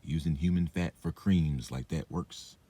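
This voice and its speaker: Low, husky-voiced man ranting. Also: measured pace, warm tone. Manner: meandering, profane, filler-heavy. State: drinking and smoking while talking. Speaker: vlogger. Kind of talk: rambling monologue rant.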